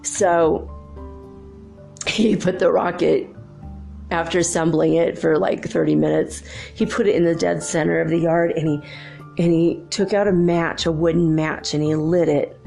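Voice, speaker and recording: A woman's voice: low-pitched, measured pace, vocal fry, soft background music. A woman hosting her own spiritual channel, chatting casually and telling a childhood story with frequent laughter. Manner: chatty, laughs often, lively retelling.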